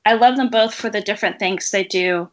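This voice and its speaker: A woman's voice: mid-range voice, brisk. A woman talking frankly and upbeat as a podcast guest in casual chat.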